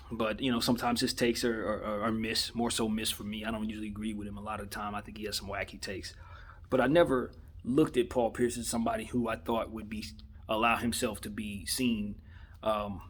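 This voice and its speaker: A man from Los Angeles, a vlogger, gives his sports opinion in a casual monologue, his medium-pitched voice carrying a breathy edge. He's conversational and slangy, often repeating himself for emphasis.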